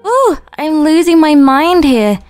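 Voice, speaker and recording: A young woman giving chatty roleplay commentary, her voice high and bright. She gasps, jokes with herself and keeps up a playful running patter. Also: sing-song, takes it slowly, soft background music. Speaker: YouTuber.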